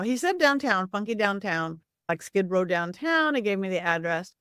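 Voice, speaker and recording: A middle-aged woman, a psychic medium, telling a story with lively swings in her voice and acting out the people in it. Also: moderate pace, few pauses, clean tone, dry recording, studio quality. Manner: acts out voices in quotes, lively swings of pitch. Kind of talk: animated storytelling.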